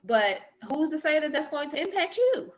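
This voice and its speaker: A woman doula speaking in a thoughtful, measured way in a roundtable, quoting others as she goes. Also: sits high, sing-song. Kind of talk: roundtable discussion.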